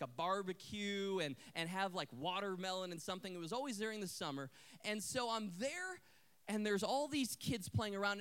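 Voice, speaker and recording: Male preacher, sermon storyteller, high voice with a very animated, expressive delivery. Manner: dramatic storytelling, swings from hushed to loud. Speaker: pastor.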